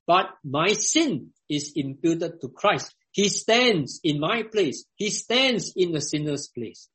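A man preaching a sermon to his congregation, emphatic and given to repeating his questions. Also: on the high side.

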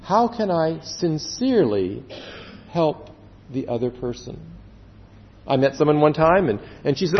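A man preaching a sermon as pastor, earnest, stretching words for emphasis and dropping suddenly to a hush. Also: mid-range voice, sing-song. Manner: earnest, with slow drawn-out emphasis and sudden drops to quiet. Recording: dull echoey hall sound.

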